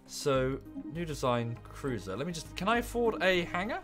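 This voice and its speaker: A man's voice: on the high side, very animated, normal speed, music in the background. A man streaming a strategy game from home, thinking aloud in a chatty, rambling way with offhand asides. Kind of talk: casual live-stream commentary.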